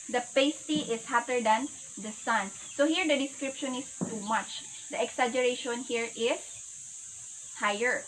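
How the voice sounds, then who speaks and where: A woman teacher giving a classroom teaching demonstration, explaining slowly and repeating key points for the class. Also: on the high side, a bit bright, a little hiss or hum, rough recording. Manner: slow, deliberate explaining with repetition.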